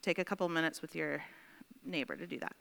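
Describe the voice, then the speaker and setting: A woman's voice: low-pitched, steady tone, brisk, creaky, a bit bright, long reverb tail. A woman teaching a Bible study class in a chatty way, often checking in with her students.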